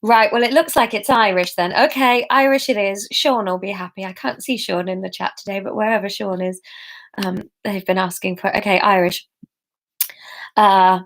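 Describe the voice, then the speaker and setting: A woman's voice: mid-range voice, fairly even intonation, normal speed. A woman reading her own serialized story aloud on a live stream, chatting with viewers between passages with self-mocking asides.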